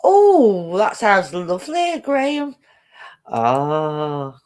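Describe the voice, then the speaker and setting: Giggly chatty woman with a low voice. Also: sing-song, drawn-out words, darkish tone. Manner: chatty, giggly, reads out viewer comments. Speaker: host of a live chat stream. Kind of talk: casual live-stream chat.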